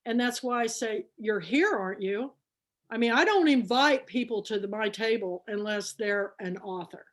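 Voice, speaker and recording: Kansas lady hosting a book club on a video call, chatty and emotional, voice sits a bit high. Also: normal speed. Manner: chatty, emotional, retells conversations. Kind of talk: casual chat on video call.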